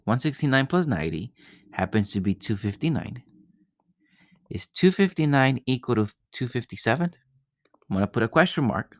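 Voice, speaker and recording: A male teacher talks through geometry problems one step at a time in a recorded lesson, repeating points and asking "right?" to check in. He has a medium-pitched voice, captured in a dry, studio-quality recording.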